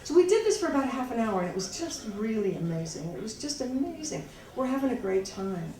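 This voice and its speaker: A woman's voice: fairly high pitch, big pitch swings, mellow. Wry woman telling a story live, echoey. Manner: halting, many restarts and fillers; wry, laughing asides. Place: small live venue. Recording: echoey, far-off room mic.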